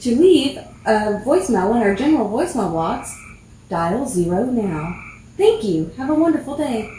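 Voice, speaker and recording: A woman doing a calm automated phone attendant. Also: on the high side, very echoey, a little hiss or hum, poor audio. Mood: soothing. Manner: slow, even, recorded-menu delivery.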